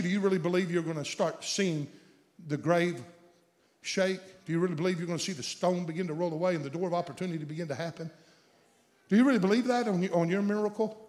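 A man preaching a sermon, building to shouts at the climaxes and calling out questions to the congregation. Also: sits high. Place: church sanctuary. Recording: long hall reverb.

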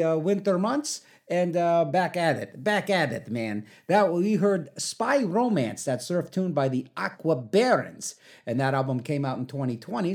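A man's voice: fairly high pitch, a little mellow. A man hosting a college radio show, back-announcing songs in a rambling, self-mocking way full of fillers.

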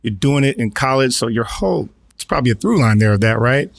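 A man interviewing a guest, asking slow, reflective questions and giving soft "mm" responses. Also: medium pitch, animated, vocal fry, no echo, studio quality. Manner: measured, reflective, many soft "mm" backchannels.

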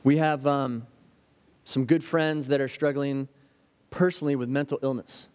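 A man's voice: mid-range voice, steady tone, normal speed, a little mellow. A man preaching a sermon as a pastor, earnest and story-driven, sometimes acting out the anxious voices of children. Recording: hall with long reverb.

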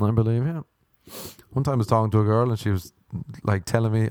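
A man performing a stand-up comedy routine, telling stories deadpan and breaking into animated voices for the people he quotes. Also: on the low side, fast, no echo, studio quality. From Ireland.

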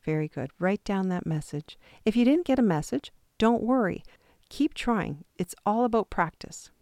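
A woman calmly and patiently leading a guided intuition exercise step by step, with the odd self-deprecating aside. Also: medium pitch, normal speed, dry recording, clean studio sound. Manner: calm, patient step-by-step instructions. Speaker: intuition teacher.

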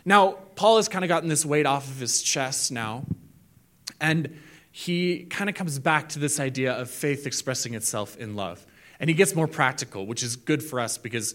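Jokey young pastor, a touch high. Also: male voice, fairly bright tone. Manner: casual and jokey, acts out quotes. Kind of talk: sermon.

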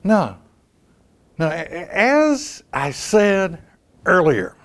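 Emphatic man preaching with lively pitch. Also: very slow, pauses often. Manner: emphatic, rhetorical questions, repeats key phrases. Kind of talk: sermon.

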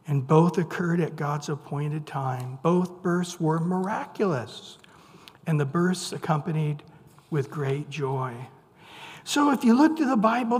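A man's voice: on the high side, darkish tone. A man preaching a sermon in a conversational, playful storytelling way, acting out the voices of the people he quotes. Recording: long hall reverb.

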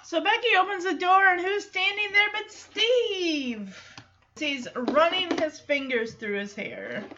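A woman's voice: very high voice, takes it slowly, bright, forceful tone, dull audio, a little hiss or hum. A woman hosting a podcast, recapping a sitcom episode in a chatty way, laughing often and acting out the characters' lines. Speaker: podcast host.

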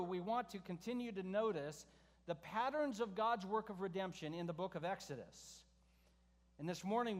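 A man preaching a verse-by-verse sermon, conversational, often asking the congregation questions and shifting his pitch for emphasis. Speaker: pastor. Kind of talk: expository sermon. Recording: reverberant hall sound.

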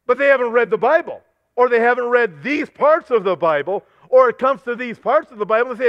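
A man's voice: very high-pitched, lively intonation, fairly quick, no echo, muffled recording. A male pastor preaching a fervent sermon, quoting scripture and losing his voice.

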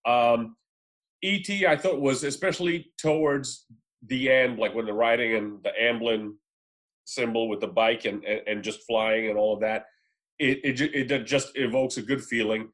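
A man's voice: mid-range voice, steady tone, moderate pace, a bit bright. Opinionated man chatting about films. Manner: rambling, opinionated, casual with fillers. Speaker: podcast panelist. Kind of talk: casual film discussion.

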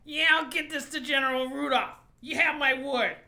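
A man voicing an eager small male rat-folk messenger in a squeaky voice. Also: fairly even intonation, moderate pace, gravelly, exaggerated voice. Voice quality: squeaky, bright.

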